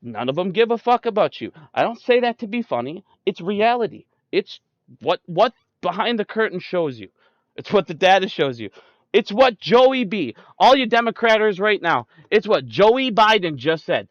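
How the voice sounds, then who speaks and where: A young man with a high voice rants at his listeners, swearing hard and picking fights with every point. The sound is dull and dry, as if from a cheap mic held close. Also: big pitch swings, normal speed, no room sound. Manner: profane, ranting, combative. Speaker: streamer. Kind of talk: political rant.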